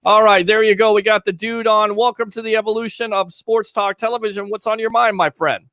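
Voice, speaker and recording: A man's voice: high voice, steady tone, fairly quick, a bit bright, dry recording. A man hosting a casual call-in sports talk show, chatting and reading out viewer comments.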